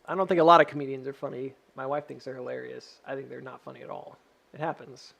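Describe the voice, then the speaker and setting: A man's voice: mid-range voice, steady tone, fast, vocal fry, a bit bright. A man doing a casual charting stream, joking and rambling as he thinks aloud. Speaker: stock chart analyst.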